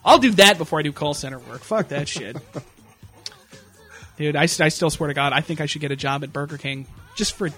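A man's voice: fairly high pitch, moderate pace, a bit bright, faint music behind. A young man telling crude, jokey stories in casual chat and breaking into exaggerated impressions. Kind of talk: crude comedic storytelling chat.

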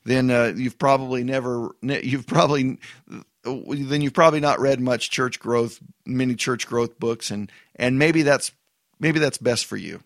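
A man, a pastor, talking through a book review in a casual, halting way, often repeating words and adding emphatic asides. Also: mid-range voice, fairly even intonation, no room sound, clean studio sound.

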